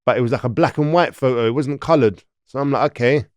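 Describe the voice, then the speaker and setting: A man's voice: mid-range voice, quick pace, no room sound. London man telling his story, dry sound. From London, England. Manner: animated, acts out other people's lines. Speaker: interview guest. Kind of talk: storytelling in an interview.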